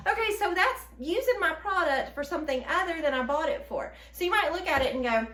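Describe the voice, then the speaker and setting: A high-pitched woman with a Southern US accent talks through a casual baking demo, chatty and upbeat, full of ums and little laughs. Her voice rings around an echoey home kitchen. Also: fairly quick, few pauses, a bit bright. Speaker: host demonstrating her baking product. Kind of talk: casual cooking demonstration.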